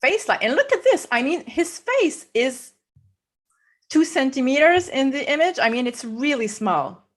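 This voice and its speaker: Her voice sits high and is very animated as this guest photographer, speaking with a French accent, guides viewers through a photo edit in a live demo. She explains slowly, step by step, with easy laughter.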